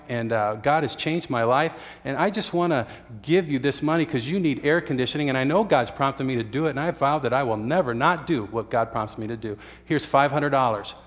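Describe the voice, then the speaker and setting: A man's voice: mid-range voice, in a large hall. A man preaching a sermon, telling a story earnestly with uhs and restarts. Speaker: pastor.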